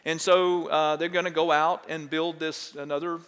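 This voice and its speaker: A man's voice: a little high, level tone, normal speed, fairly bright tone, clean tone, long reverb tail. A man, a pastor preaching a conversational sermon in church that keeps checking in with the congregation. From Texas. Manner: conversational, asks the congregation questions. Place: church sanctuary.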